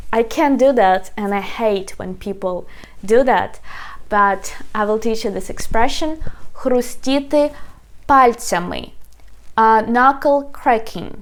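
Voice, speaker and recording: A young woman with a Ukrainian accent, whose first language is Ukrainian, teaching vocabulary in an online lesson and slowly repeating each word for learners. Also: a little high.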